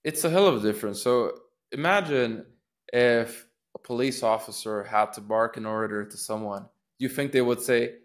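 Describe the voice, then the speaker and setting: In a mid-range voice at a moderate pace, a man runs a casual public speaking lesson. He thinks aloud with restarts and acts out rising and falling intonation on sample phrases.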